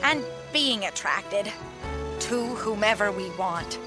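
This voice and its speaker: A woman's voice: medium pitch, animated, slow pace, over music. An actress playing a flustered, earnest cartoon woman who stammers and speechifies.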